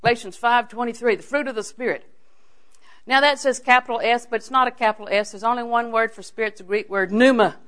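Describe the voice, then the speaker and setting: A woman's voice: fairly high pitch, fast talker, a bit bright. A woman preacher giving a sermon in a chatty storytelling way, asking her listeners questions and often laughing. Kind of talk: sermon with humorous anecdotes.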